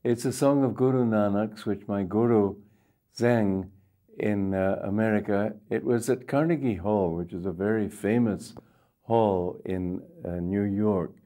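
Mellow older man telling spiritual stories. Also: fairly low pitch. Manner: gentle, unhurried, with frequent pauses and "uh" fillers. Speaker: spiritual teacher. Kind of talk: storytelling sermon.

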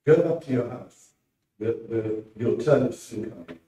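A man voicing a calm, teasing man who stays confident. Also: mid-range voice, moderate pace, slight background noise, lightly acted. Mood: mocking. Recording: roomy hall from far off.

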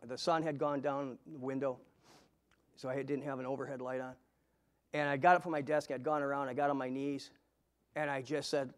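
In a church sanctuary, a middle-aged guest preacher gives a personal testimony in a mid-range, level voice that runs a little fast. He tells his story earnestly but often stumbles and restarts his words.

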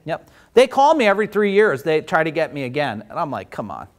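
A man with a slightly higher voice leads a workshop in an animated, chatty way. He tells stories and acts out the voices of the people in them. His style is that of a business owner coaching his audience. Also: a little fast. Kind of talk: storytelling in a workshop.

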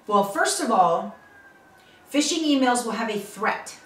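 Teaching online safety on her channel, a middle-aged woman speaks in a slightly high, bright voice with lively intonation and an unhurried pace. She's chatty and emphatic, frequently asking viewers "okay?" or "all right?". The sound is roomy, captured at a distance from the mic.

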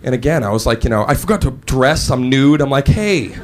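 A man doing animated stand-up comedy, shouting and switching between voices. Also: medium pitch, fast talker, crowd noise. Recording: live club with audience laughter.

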